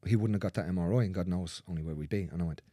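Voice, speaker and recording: A male manual therapist talks in a lowish voice, chatting casually and bluntly about his clients. He swears freely and slips into the voices of the people in his stories. The sound is dry and close, with no room echo. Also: racing, mellow. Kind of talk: casual storytelling in conversation.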